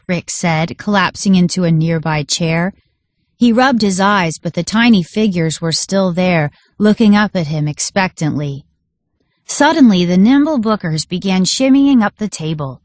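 A woman teacher reading a story aloud to a class in a clear, measured way. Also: fairly low pitch, animated, dry recording, clean studio sound.

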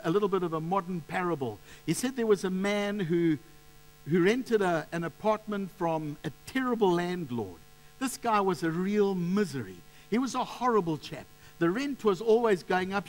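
A man preaching a sermon with a notably high voice. He tells stories with passion and often repeats words as he works up to his point. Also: low-quality recording. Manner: impassioned storytelling with many repeated words.

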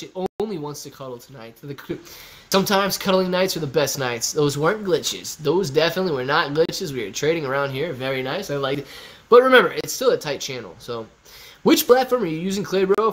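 A young man hosting a casual stock-trading livestream, reading viewer comments in a goofy, animated way that swings between shouting and mumbling. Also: on the high side.

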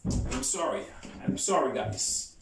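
A man with a Haitian accent teaching English to Creole speakers, slowly drilling phrases for students to repeat. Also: on the high side, wildly swooping pitch, heavy background noise. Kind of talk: language lesson, drilling phrases. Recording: roomy sound from a distant mic.

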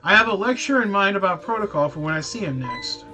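A man voicing a composed, formal professor from a game in a bright, clear tone. The lines come measured and proper over faint music. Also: high voice, lively intonation, voice pushed up, full character voice.

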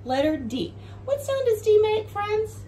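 A woman teaching a home video lesson for young children, with a bright sing-song teacher voice that goes slow and clear for the kids. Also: very high-pitched, very animated, slight background noise, low-quality recording.

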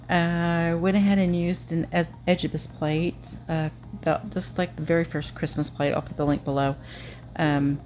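A woman's voice: low-pitched, a little mellow, a little hiss or hum. A woman narrating a nail art tutorial at home, chatty and self-deprecating, with frequent ums.

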